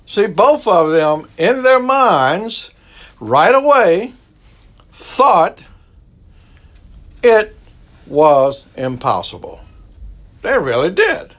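Male preacher, conversational sermon delivery, voice sits a bit high. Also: sing-song, drawn-out words, pauses often, a bit bright. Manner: folksy, conversational preaching with Southern turns of phrase. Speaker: pastor.

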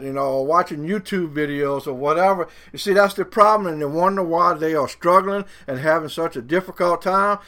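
Cajun guy preaching, kinda high voice, earnest, drags out the big lines. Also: a bit bright. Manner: earnest, building to fervent emphasis, drawn-out slow phrases. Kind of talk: sermon.

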